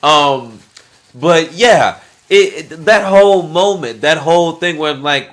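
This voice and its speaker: A man's voice: a little high, a little slow. A man co-hosting a podcast review show, chatting casually and laughing often with lots of profanity. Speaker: podcast co-host. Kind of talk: casual chat.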